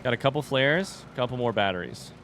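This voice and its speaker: A young man talking his way through a game on a live stream, loose and chatty, with a voice that leaps up and drops down in pitch as he reacts. He reads his chat aloud and curses casually, over a faint hiss of background noise. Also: animated, quick pace, fairly bright tone. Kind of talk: casual let's-play commentary.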